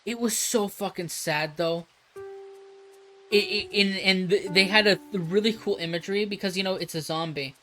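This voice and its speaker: A streamer on a live broadcast talks at a mid pitch in a loose, rambling way, laughing often and swearing freely. Faint music plays underneath. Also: normal speed, sharp tone, poor audio. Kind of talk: casual live-stream chat while drawing.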